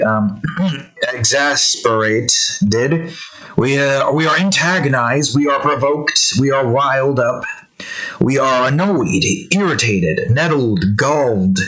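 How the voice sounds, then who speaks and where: Young man, unhurried drawl, casual rambling art commentary, jokey, offhand swearing, mid-pitched voice. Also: sharp tone, rough recording. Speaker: digital artist drawing on his channel.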